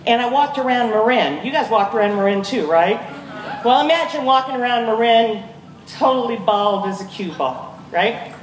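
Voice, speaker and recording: Energetic woman rallying a crowd. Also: a little high, normal speed. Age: 50s. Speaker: guest speaker at a charity walk. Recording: echoey PA from far off, crowd noise.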